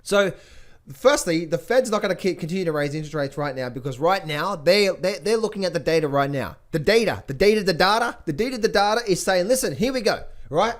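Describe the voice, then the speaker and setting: A man giving casual market commentary to his viewers, excitable and repetitive, often restarting his phrases. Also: high-pitched, fairly quick. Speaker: trading educator.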